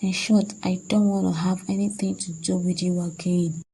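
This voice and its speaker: A woman's voice: lowish voice, flat delivery, normal speed, warm tone, rough recording. A woman voicing a heartbroken, betrayed young fiancée in a cartoon, talking in a distressed, accusing way. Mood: angry. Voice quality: husky, gravelly. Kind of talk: cartoon voice acting.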